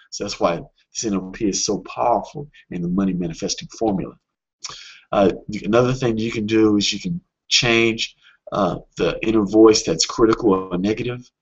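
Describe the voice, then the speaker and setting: A man with a fairly low, husky voice talks through a webinar lesson in a casual coaching tone. He is earnest and often stops on fillers or restarts a sentence. The audio is dull and lo-fi.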